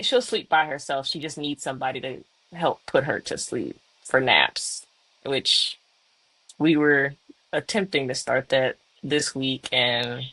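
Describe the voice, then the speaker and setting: A woman's voice: low-pitched, fairly bright tone, no room sound, rough recording. A mother co-hosting a podcast, talking candidly about parenting in a rambling way full of "like"s and little laughs. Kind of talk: casual podcast chat.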